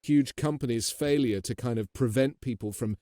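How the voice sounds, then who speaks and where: A man with an English accent hosts a podcast at a mid pitch. His chatty, earnest talk often restarts on repeated words, and the recording is dry and close. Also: moderate pace, mellow, no echo. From England. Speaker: podcast host. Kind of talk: casual interview talk.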